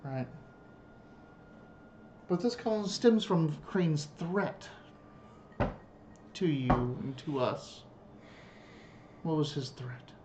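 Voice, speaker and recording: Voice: medium pitch, expressive, extremely slow, long pauses, background noise. A player at a tabletop role-playing game, talking in character with a wry, teasing manner. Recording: dull lo-fi home recording.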